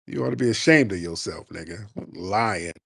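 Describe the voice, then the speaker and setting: A man's voice: lowish voice, expressive, fast talker, vocal fry, husky, no echo, clean studio sound. A man hosting a call-in show, brash and profane, mocking callers with frequent laughter. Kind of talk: casual call-in radio talk.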